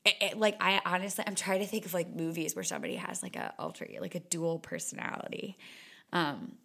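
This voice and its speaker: A woman's voice: on the low side, huge pitch swings, quick pace, gravelly, sharp tone. A young woman, a fitness instructor, talking candidly in a chatty solo podcast monologue full of "like.". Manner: chatty and candid, heavy on "like" fillers.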